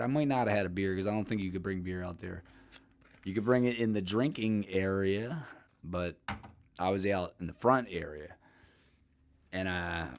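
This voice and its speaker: A man hosting a podcast, telling stories in a rambling, profane, casual way and laughing often. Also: lowish voice. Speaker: podcast host.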